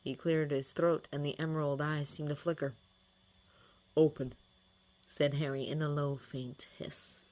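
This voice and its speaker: A woman narrating a fan fiction audiobook with expressive, dramatic storytelling. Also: sits low, normal speed, hardly any pauses.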